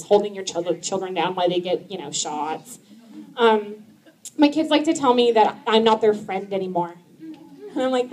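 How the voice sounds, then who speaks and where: Woman, thirties, stand-up comedy, chatty, fairly high pitch, laughs a lot, lots of likes and ums. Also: a little mellow. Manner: chatty, laughs often, many likes and ums, jumps high when quoting herself.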